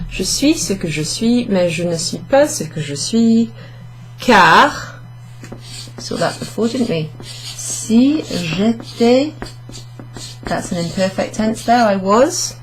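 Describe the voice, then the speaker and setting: A woman's voice: mid-range voice, animated, a little slow, a little mellow, faint music behind. A woman teaching a French lesson to camera, explaining step by step and correcting herself aloud as she goes. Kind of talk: online language lesson. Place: indoors under a hot studio light. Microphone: camera facing her.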